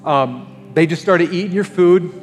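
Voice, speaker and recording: Male pastor, sermon, animated, acts out scenes, fairly high voice, long church reverb, faint music underneath. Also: measured pace. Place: church sanctuary.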